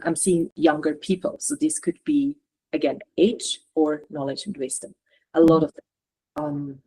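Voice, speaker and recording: Woman, deep voice, spiritual channeler, halting and searching, video call. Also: dark tone, breathy edge. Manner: halting, searching, relays messages. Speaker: channeler and coach.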